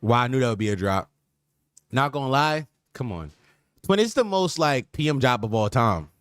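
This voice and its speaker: Speaking at a moderate pace, this podcast host has an expressive, medium-pitched, slightly bright voice, recorded at studio quality without echo. On his podcast stream he chats casually, riffing on slang repetitively and with joking mock sincerity.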